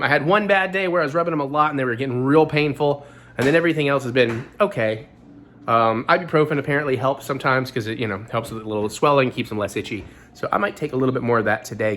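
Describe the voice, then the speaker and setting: A man hosting his own vlog in casual chat, his voice hoarse and gravelly, rambling on with self-deprecating asides. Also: mid-range voice, fairly bright tone, slight background noise. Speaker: vlog host.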